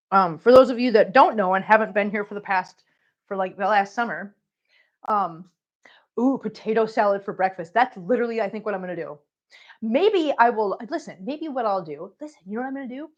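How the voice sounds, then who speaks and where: A woman at an everyday middle pitch chats casually while scooping litter boxes for her cats. She talks tenderly to the animals around her. The audio is slightly dull and lo-fi. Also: lively intonation, moderate pace, long pauses. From Missouri. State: tearful. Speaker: cat channel host. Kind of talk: casual livestream chat.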